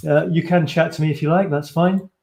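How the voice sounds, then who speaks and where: A man's voice: a little high, fairly even intonation, brisk, creaky, darkish tone. A man hosting a casual photo challenge livestream, chatting in a rambling, friendly way and reading out viewer comments. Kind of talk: casual live stream chat.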